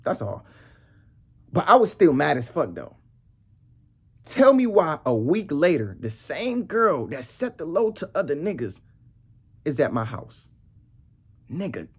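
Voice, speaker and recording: A man's voice: a little high, big pitch swings, measured pace, pauses often, slightly rough. A young man vlogging a heated, casual story in street slang, ending lines with "bro" and "nigga".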